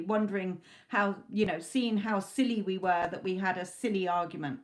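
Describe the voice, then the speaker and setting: A woman's voice: mid-range voice, normal speed, few pauses. A woman doing a live tarot reading, talking in a loose, conversational way with frequent restarts. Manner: talks in loose spoken chunks, restarts often. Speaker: tarot reader.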